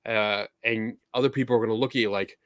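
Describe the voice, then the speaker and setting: A podcast host chats casually and tells stories in an easygoing way, acting out quoted exchanges along the way. His voice is lowish and fairly bright, with fairly even intonation and a fast pace, in a dry recording.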